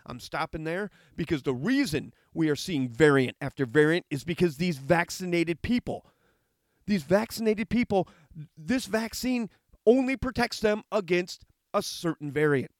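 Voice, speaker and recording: A man's voice: high voice, expressive, measured pace, dry recording, clean studio sound. A middle-aged man giving a heated, argumentative monologue, reading out a letter and rebutting it with sarcasm. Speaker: commentator reacting to a letter.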